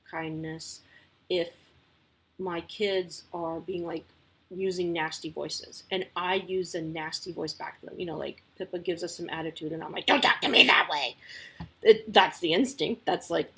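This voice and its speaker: A woman's voice: fairly low pitch, slightly rough, low-quality recording. A woman talking casually as a parent sharing advice, candid and chatty with lots of asides.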